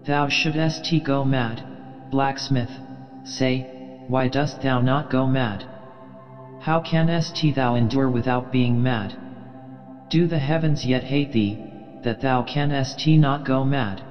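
Man voicing an obsessed old sea captain, imperious, intense, slow and heavy delivery, long reverb. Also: mid-range voice, dull audio, faint music behind, close to an everyday voice. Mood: brooding. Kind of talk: audiobook reading.

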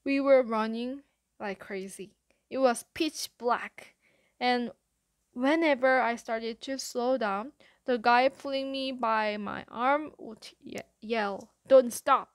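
Lady reading a kids' novel aloud, kinda high voice, lively and breathless when the action picks up. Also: takes it slowly, no room sound. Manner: lively, breathless retelling of a chase. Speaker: audiobook narrator. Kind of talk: first-person storybook narration.

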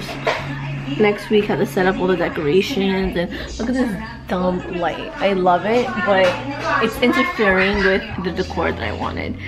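Indoors at her family home, a young woman vlogs casually to the camera in a lowish voice. She's candid and rambling, sighing and letting sentences trail off, and the recording quality is poor.

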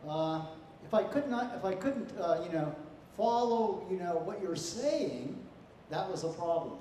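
A man with a high voice gives feedback as a contest judge, pausing often and checking in with "okay?". He sounds far from the mic, in a big echoing hall with a faint hum behind him. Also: animated, warm tone. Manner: halting, full of "you know" and "okay?". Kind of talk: spoken feedback to students.

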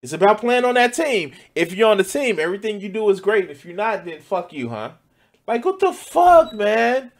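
A man's voice: high-pitched, expressive, brisk, hardly any pauses. A man giving loose, profane reaction commentary as a streamer, often exclaiming and laughing. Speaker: streamer reacting to news clips.

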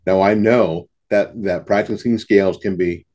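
Folksy, lower-voiced man teaching sax. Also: fairly even intonation, moderate pace, a little mellow. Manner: folksy, repeats himself, scats rhythms. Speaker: saxophone teacher. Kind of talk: casual instructional talk to camera. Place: home studio in front of a backdrop.

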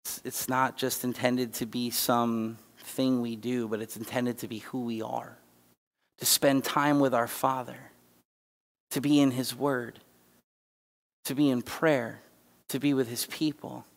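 A man preaches a sermon as guest speaker in a church sanctuary, his mid-range voice a little slow with little pitch movement. He's on the verge of tears, yet conversational and emphatic, with asides and restarts, all heard through church hall reverb.

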